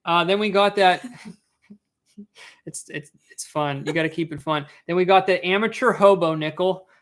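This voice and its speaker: A man's voice: sits high, moderate pace, a bit bright. A man hosting a casual live stream from home, often repeating words as he talks, joking between stammers. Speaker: coin roll hunting live streamer.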